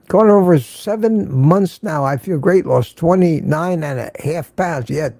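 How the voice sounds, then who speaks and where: A man's voice: on the high side, measured pace, darkish tone, no room sound, clean studio sound. An older man hosting a casual morning livestream, greeting viewers by name and reading the chat aloud. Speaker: livestream host.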